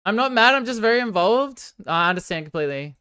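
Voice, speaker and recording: A woman livestreaming a game, chatting with her viewers and swinging from excited outbursts to sheepish apologies. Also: medium pitch, quick pace, smooth, no room sound, clean studio sound. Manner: banters with chat, swears casually. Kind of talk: casual gaming livestream chat.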